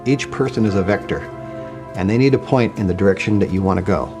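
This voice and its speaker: A man's voice: on the low side, fast, over music. A man in an interview clip, recalling events in a plain, reflective way. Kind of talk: interview recollection.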